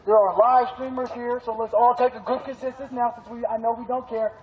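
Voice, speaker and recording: A man's voice: extremely high pitch, steady tone, a little fast. A man organizing a protest, addressing a crowd in a park in an emphatic, streetwise, profane way. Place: outdoors in a park. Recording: muffled street recording.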